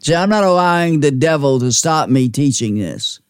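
A man preaching a sermon, slow and emphatic, repeating phrases for weight. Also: fairly high pitch, animated, clear, resonant tone, dry recording, clean studio sound.

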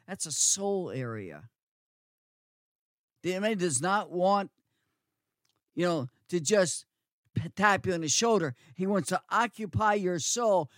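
A man's voice: high-pitched, no echo, clean studio sound. A man preaching a sermon, repeating words for emphasis and asking the listeners rhetorical questions.

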